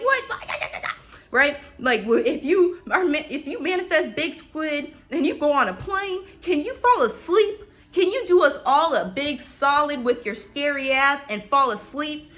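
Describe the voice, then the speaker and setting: A woman vlogger in casual, animated spiritual commentary, exclamatory and slangy, talking straight to her viewers. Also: on the high side.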